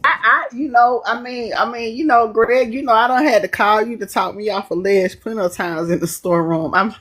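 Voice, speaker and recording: Woman co-hosting a podcast, lively and preachy, says things twice. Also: on the high side, fairly quick. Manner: animated, preachy, repeats herself. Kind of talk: casual group chat.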